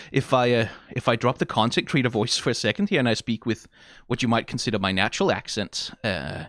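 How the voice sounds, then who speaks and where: A man's voice: mid-range voice, brisk, a bit bright, no echo, studio quality. A young man from Denmark giving casual, wry reaction commentary as a content creator, rambling and often restarting his sentences.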